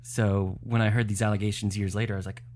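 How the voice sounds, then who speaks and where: Laid-back lower-voiced man telling stories. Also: level tone, fast, a little mellow. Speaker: comedy insider guest. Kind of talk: casual podcast chat.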